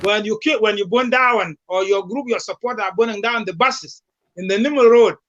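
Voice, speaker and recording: A man, a candidate being interviewed who drives his points home by repeating them. His voice sits high for a man. The call audio sounds dull and lo-fi. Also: a little fast, fairly bright tone. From South Sudan. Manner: emphatic, repetitive rallying speech. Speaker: presidential candidate, guest. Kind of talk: remote talk-show interview.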